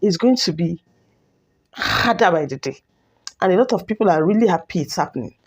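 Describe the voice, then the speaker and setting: A woman's voice: on the low side, animated, a little fast. A woman hosting a commentary channel, scolding and mocking with lots of repetition. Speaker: commentary host. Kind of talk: opinionated commentary.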